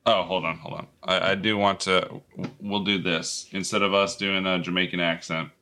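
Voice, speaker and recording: A man's voice: sits low, flat delivery, normal speed, pushed and bright. A man co-hosting a podcast in casual chat, teasing and goofy. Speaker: podcast co-host.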